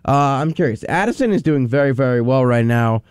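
Man, quiz host, teasing, lively up-and-down voice, dry sound, faint music behind. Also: mid-range voice, brisk, clear, resonant tone, no room sound. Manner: teasing, laughs often. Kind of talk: casual chat.

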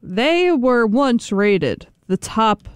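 A woman's voice: a little high, big pitch swings, drawn-out words, clear, resonant tone, dry recording. A woman co-hosting a radio show, teasing and leading into segments in a studio. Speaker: radio host. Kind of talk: casual studio banter and segment intro.

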